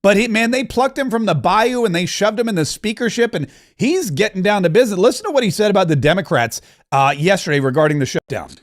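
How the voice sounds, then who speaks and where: A man hosting a political talk show, delivering animated, mocking opinion rants that race ahead and restart. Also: high voice, quick pace.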